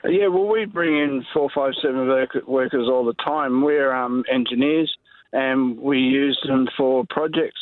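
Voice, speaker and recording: Measured male caller on a phone line. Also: mid-range voice, no room sound. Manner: measured, hesitant with fillers. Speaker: caller, engineer. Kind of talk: talkback radio call. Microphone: telephone.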